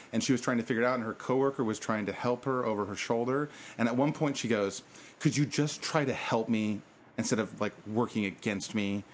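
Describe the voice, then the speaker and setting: A man's voice: medium pitch, a little hiss or hum. A man co-hosting a podcast, telling a long rambling story in casual chat and swearing freely. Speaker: podcast co-host.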